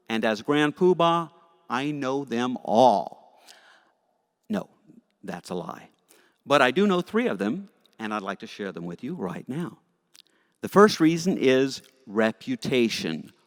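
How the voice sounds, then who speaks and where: A man leads a children's Sunday school lesson with playful, animated storytelling and jokes. His voice sits at a mid pitch. It rings with long reverb in a church sanctuary.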